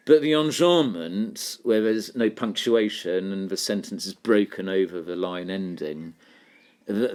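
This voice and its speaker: A man teaching a poetry lesson, explaining terms and reading lines aloud slowly. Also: fairly low pitch.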